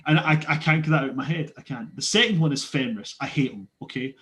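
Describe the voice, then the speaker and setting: A man's voice: fairly high pitch, fast talker, sharp tone. A man playing a tabletop game, ranting with swearing and mockery and laughing often in casual banter. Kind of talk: casual banter between players.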